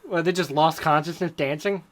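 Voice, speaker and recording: A man's voice: fairly high pitch, a little fast. A man co-hosting a comedic podcast, chatting casually with a wry, teasing manner and frequent laughs. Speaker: podcast co-host.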